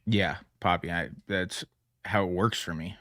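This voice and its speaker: A man's voice: deep voice, fairly even intonation, measured pace, fairly bright tone, no echo, clean studio sound. A man chatting casually on a trading livestream, rambling and self-mocking, laughing often as he talks. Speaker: livestream trader.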